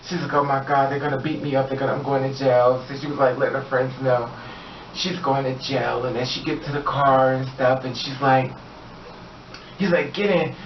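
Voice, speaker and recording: Male storyteller, animated, plays every role, a bit high; distant mic in an echoey room, slightly dull. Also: moderate pace, a little hiss or hum. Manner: animated, acts out the voices of the people in his story. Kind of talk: casual storytime.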